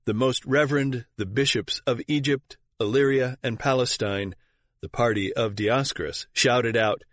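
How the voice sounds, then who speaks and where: Male audiobook narrator, formal and measured, mid-range voice, close and dry sound. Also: mid-range voice, a bit bright, no room sound. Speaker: audiobook reader. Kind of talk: scripted narration of church history.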